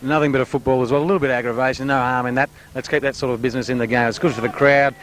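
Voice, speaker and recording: A man's voice: medium pitch, very fast, slight background noise. A man giving chatty colour and play-by-play commentary at an amateur football match. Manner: chatty, builds excitement calling play.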